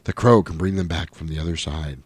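Deep-voiced man recapping a movie. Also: a little fast, slightly rough, dry recording. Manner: rambling, quoting scenes in voices. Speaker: podcast co-host. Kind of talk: casual movie recap chat.

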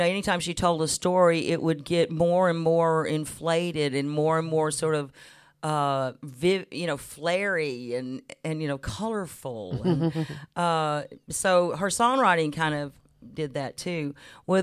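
A woman in her fifties, a guest musician on a radio show, telling lively stories with frequent laughs and little voice impressions. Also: sits low, a little slow, clean tone. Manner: warm laughing anecdotes, mimics voices. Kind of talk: chatty storytelling interview. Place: radio studio.

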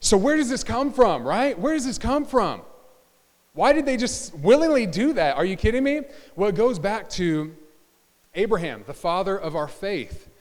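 A man preaching a sermon as a pastor in a church, animated and joking with asides to the congregation. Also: sits high, normal speed. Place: church sanctuary. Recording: church hall reverb.

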